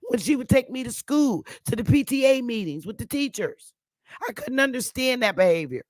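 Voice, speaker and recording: A woman's voice: on the high side, animated, normal speed, no room sound, clean studio sound. A woman talking straight to the camera in a casual monologue, blunt, heavy on profanity and emphatic. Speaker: online commentator.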